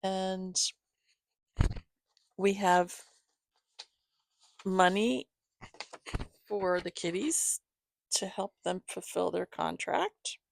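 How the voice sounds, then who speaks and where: A woman hosting her own channel, chatting casually with viewers as she shows gifts, giggling often and filling pauses with "um". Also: medium pitch, gravelly, no room sound. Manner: chatty, giggly, many fillers. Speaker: channel host reading to her cats. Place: home, reclining.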